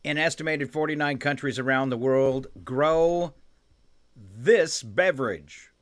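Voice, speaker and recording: A man hosting a morning radio show, running a trivia quiz in casual banter. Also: medium pitch. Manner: lively quizmaster, reads trivia and headlines briskly.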